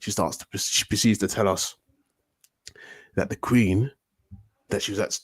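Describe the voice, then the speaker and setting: Husky, low-voiced British man telling stories. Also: unhurried. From United Kingdom. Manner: animated, swearing, slangy storyteller. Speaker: podcast guest. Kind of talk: casual storytelling chat.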